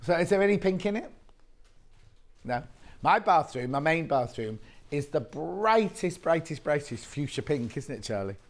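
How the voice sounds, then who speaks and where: Bubbly woman, TV shopping presenter, lively up-and-down delivery, chatty asides. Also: deep voice, normal speed. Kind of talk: live TV shopping sales chat. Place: TV studio.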